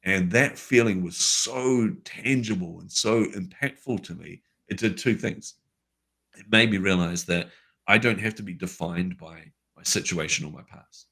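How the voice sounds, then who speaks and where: A man with a New Zealand accent, a guest telling a story from his life in a lively, casual way with everyday fillers. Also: low voice, a little slow, breathy edge. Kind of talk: conversational storytelling.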